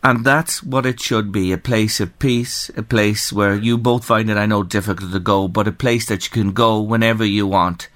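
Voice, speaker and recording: An Irish man hosts a radio phone-in, his voice sitting low and earnest. He speaks sympathetically and reads listeners' messages aloud. The studio sound is close and dry. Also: fairly even intonation, moderate pace, few pauses, fairly bright tone, dry recording. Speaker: radio talk show host. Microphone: studio microphone.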